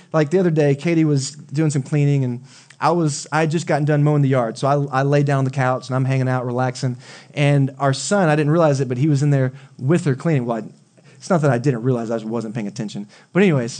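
A man's voice: fairly high pitch, darkish tone. A young adult man preaching a sermon, talking conversationally and telling stories with asides to the congregation. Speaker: pastor.

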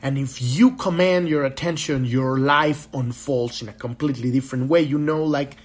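A man's voice: medium pitch, normal speed. Fiery, foul-mouthed podcast man. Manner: profane, impassioned and rambling. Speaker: podcast host. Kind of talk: spiritual podcast monologue.

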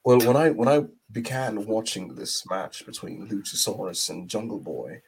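A man putting on a put-on English accent to play a prim gentleman giving a flowery, halting review. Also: on the low side, lively intonation, vocal fry, a crowd in the background, pitched below the performer's own voice, low-quality recording. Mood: pompous.

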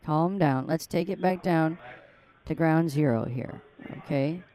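A woman's voice: low-pitched, unhurried, warm tone, slight background noise. Older woman mocking a scammer. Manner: mocking, taunting, crude. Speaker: scam baiter on a call. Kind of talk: prank phone call.

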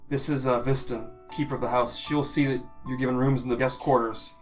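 A man's voice: medium pitch, flat delivery, brisk, soft background music, close to an everyday voice. A man playing a bewildered old king. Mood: grave. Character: bewildered older king, grave and formal.

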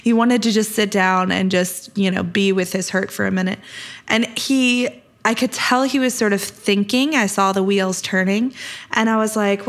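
A woman's voice: mid-range voice, fairly even intonation, normal speed. Chatty upbeat woman podcast host. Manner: chatty, upbeat, laughs often. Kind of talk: casual podcast monologue.

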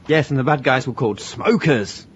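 A man's voice: medium pitch, moderate pace. A man guests on a casual podcast chat and throws in dry one-line quips. The audio is dull and lo-fi, with faint noise behind it.

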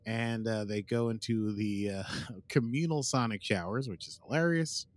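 A man's voice: fairly low pitch, moderate pace. A man co-hosting a podcast, joking dryly in casual chat and recapping an episode's plot. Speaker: podcast co-host.

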